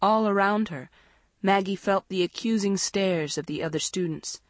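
A woman narrating a storybook in a measured, dramatic way. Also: medium pitch, no echo. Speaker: audiobook narrator.

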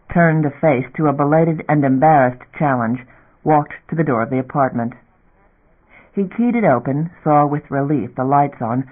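A man reading a science fiction novel aloud in a measured narrator's voice. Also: on the high side. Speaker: audiobook narrator. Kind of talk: scripted narration. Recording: tinny phone-like audio.

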